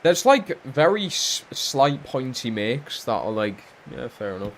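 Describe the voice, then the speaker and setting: A young man streaming a football career game, chatting casually and swearing freely, jumping into loud excited shouts at big moments. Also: mid-range voice, unhurried, a little hiss or hum. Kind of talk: live-streamed gameplay commentary.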